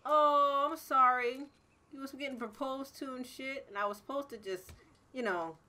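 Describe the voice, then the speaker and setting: A young woman, giving loud, excitable gameplay commentary, swearing often, shouting and laughing as she plays. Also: high voice, normal speed. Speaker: gaming streamer.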